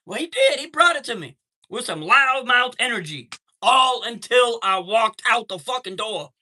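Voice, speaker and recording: Man, live stream host, high-pitched, piercing bright tone, profane, heated, casual storytelling. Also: lively intonation, normal speed. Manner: reads out and greets chat viewers.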